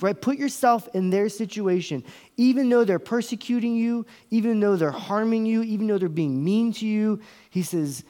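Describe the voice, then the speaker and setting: A man delivering a sermon in a somewhat high voice. He slows right down and pauses on the words he wants to land. He sometimes acts out inner voices, from hushed whispers to raised exclamations. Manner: dramatic pauses, slows down for emphasis. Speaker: pastor.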